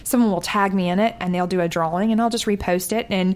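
A woman's voice: mid-range voice, fairly even intonation. A woman in her thirties, a guest in a casual interview, talking candidly and joking easily. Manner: chatty, candid, quick to joke and laugh.

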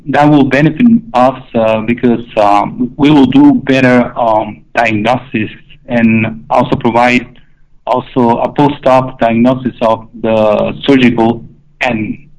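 Male doctor, halting, mid pitch, muffled phone sound. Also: fairly even intonation, a little mellow. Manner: hesitant with many fillers. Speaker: pediatric cardiologist, phone guest. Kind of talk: phone interview.

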